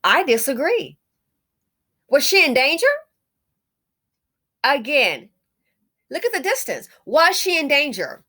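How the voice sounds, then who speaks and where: A woman's voice: on the high side, a bit bright. Indignant middle-aged woman commentator, emphatic and repetitive, fond of "honey". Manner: indignant, emphatic, repeats phrases; calls the listener honey. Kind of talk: casual video commentary.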